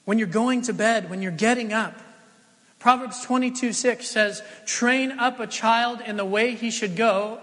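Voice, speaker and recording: High-voiced man preaching in a reverberant hall. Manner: earnest, animated storytelling with sudden emotional dips. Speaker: pastor. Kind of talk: sermon. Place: church sanctuary.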